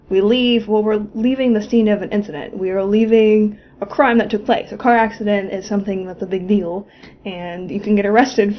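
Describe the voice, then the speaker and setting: A woman's voice: medium pitch, slight background noise. Casual young woman from florida telling a story, swears a lot, laughs between lines, kinda muffled audio. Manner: chatty, profane, laughing asides. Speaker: vlogger.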